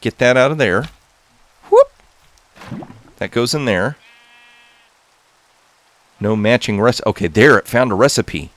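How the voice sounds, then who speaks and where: A man hosting a gaming channel, giving excitable, casual commentary to viewers as he plays. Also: medium pitch, slow pace, pauses often. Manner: excitable, talks to viewers while playing.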